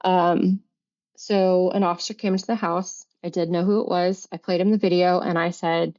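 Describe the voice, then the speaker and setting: Middle-aged woman, halting and earnest, lo-fi sound. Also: on the low side, level tone, darkish tone. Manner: earnest, halting, with many restarts and fillers. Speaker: podcast guest. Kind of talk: personal story in conversation. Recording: dull lo-fi recording.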